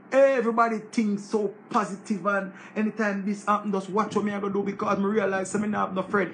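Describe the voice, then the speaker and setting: Gravelly high-pitched Jamaican man ranting. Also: slight background noise. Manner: preachy, repetitive, animated rant. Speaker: commentator. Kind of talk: casual monologue.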